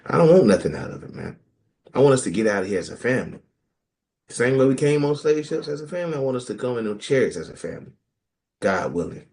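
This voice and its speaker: A fast-talking man with a medium-pitched voice co-hosts a podcast where the group chats casually about scripture. Lively and humorous, he does quoted voices to mimic people.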